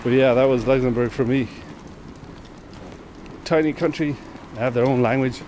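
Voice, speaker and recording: A man's voice: mid-range voice, fairly even intonation, normal speed, a little mellow, a little hiss or hum. Man rambling aloud on a walk. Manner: rambling, musing aloud, swears freely. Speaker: vlogger on a long walk. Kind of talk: casual walking vlog monologue. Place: outdoors on town streets while walking.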